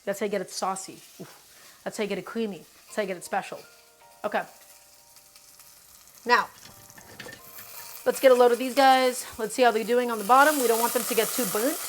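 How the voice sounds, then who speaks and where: A woman's voice: fairly high pitch, fairly quick, long pauses, a little hiss or hum. A woman streamer teaching a cooking lesson live, chatty and emphatic, often addressing her chat directly.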